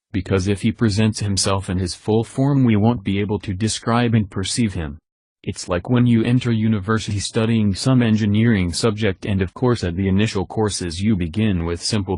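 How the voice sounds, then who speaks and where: A man's voice: on the low side, a little mellow, dry recording. A synthetic male text-to-speech voice delivering religious narration, robotic in an evenly paced preaching monologue.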